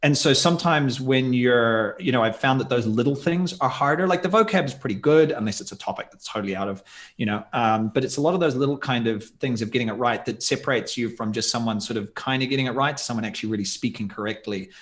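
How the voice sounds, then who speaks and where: A man's voice: medium pitch, fast talker. A man talking in a casual podcast interview as a guest, thoughtful and rambling with many asides.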